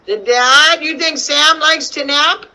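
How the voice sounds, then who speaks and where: High bright teacher lady coaxing little kids to read, lots of questions, laptop mic. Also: slow, poor audio. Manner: animated, coaxing, asks many questions. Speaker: kindergarten teacher. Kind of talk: online reading lesson for young children. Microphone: computer mic on video call.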